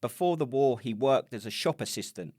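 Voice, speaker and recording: A man's voice: medium pitch, animated, fairly quick, darkish tone, no room sound, clean studio sound. A middle-aged man from England, co-hosting a podcast in sweary, rambling banter. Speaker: podcast co-host. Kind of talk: casual chat.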